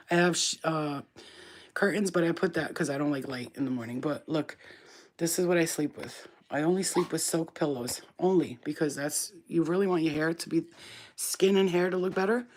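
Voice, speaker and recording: A woman hosting a casual live stream, chatty and affectionate, who coos at her pet in a high baby voice. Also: darkish tone. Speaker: spiritual reader, channel host.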